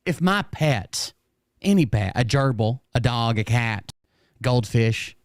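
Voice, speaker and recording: A man streamer talks to his chat in blunt, sarcastic asides, with profanity thrown in freely. His voice is smooth and clear, a little strained. The sound is dry and close. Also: fairly high pitch, no room sound. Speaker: streamer reacting to clips. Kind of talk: casual profane commentary.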